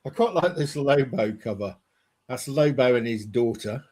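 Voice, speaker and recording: A man's voice: medium pitch, animated, moderate pace, a little mellow. Man hosting a comics chat. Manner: quizzing, upbeat. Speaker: host. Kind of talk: casual chat.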